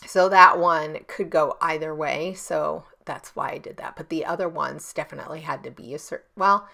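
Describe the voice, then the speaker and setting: This is a woman in her thirties who makes scrapbooking videos, chatting her way through a relaxed tutorial from her home desk with plenty of ums and self-corrections. Her voice sits on the low side and sounds gravelly and bright, with a forceful tone. Audio comes from a desk-mounted camera on a stand.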